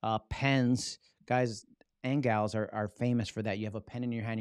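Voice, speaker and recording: A man giving a casual live-streamed talk on public speaking, lively and acting out his examples. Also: lowish voice, normal speed, smooth, no echo, studio quality. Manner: animated, acts out examples with his body; casual, loose phrasing with "right?" tags.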